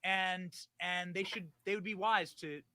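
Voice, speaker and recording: A man hosting a live show, talking in a hyped, preachy way that swings from loud bursts to hushed asides. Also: high-pitched, steady tone, measured pace, very noisy. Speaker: show host. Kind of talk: casual livestream talk.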